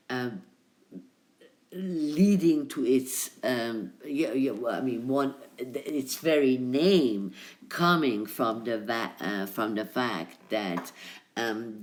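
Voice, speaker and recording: A male history lecturer giving a recorded lecture, hesitant, with many ums and "right?" checks as he talks over slides. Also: medium pitch. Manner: hesitant, full of ums and tag questions.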